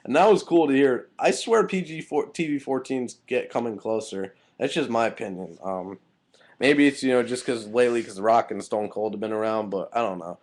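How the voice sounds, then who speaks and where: A man's voice: mid-range voice, moderate pace, a little mellow. A young man giving a casual, heated recap of a wrestling show, angry and swearing freely.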